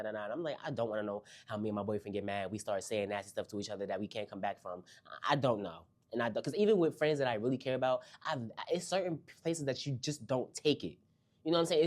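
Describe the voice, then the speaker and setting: Low-voiced sassy woman recapping reality TV. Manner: animated, sassy, swoops high for emphasis. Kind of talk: casual recap commentary.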